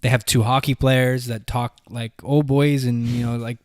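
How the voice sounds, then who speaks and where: A man in his thirties from Canada, co-hosting a casual podcast in a quick, joking, talkative way. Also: medium pitch, flat delivery, dry recording, studio quality. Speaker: podcast co-host. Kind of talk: casual chat.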